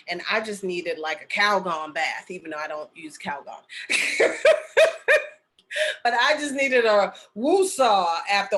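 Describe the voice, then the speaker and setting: A woman's voice: fairly low pitch, fairly bright tone. A middle-aged woman telling a personal story in a casual, chatty way, full of fillers and asides like "okay?" and "right?". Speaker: spiritual medium and healer sharing a story.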